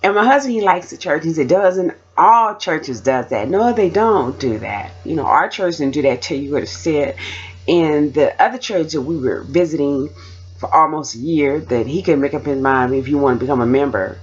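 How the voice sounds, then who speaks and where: A woman's voice: low voice, normal speed, husky, dull audio. A woman vlogger chatting casually and rambling to her camera.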